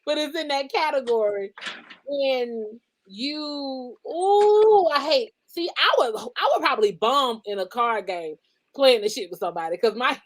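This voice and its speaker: A woman chats in a relaxed, playful way and laughs often. Her voice sits high. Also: low-quality recording. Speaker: guest. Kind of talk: casual chat.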